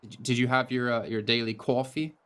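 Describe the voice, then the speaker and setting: A man's voice: medium pitch, steady tone, fast talker, a bit bright, smooth. A man commentating an esports match, with dry, teasing banter between calls. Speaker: esports caster.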